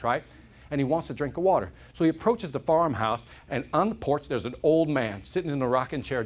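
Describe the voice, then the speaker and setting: A man giving a motivational keynote to a live audience, telling stories and often asking the room questions. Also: medium pitch. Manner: animated storyteller, asks the audience questions. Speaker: motivational speaker. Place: corporate event hall.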